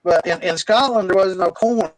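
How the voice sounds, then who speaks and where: A man's voice: sits high, normal speed, poor audio. A man in casual podcast chat, skeptical and hesitant, his audio breaking up. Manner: skeptical, hesitant, full of fillers. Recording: breaking-up mic with chatter behind.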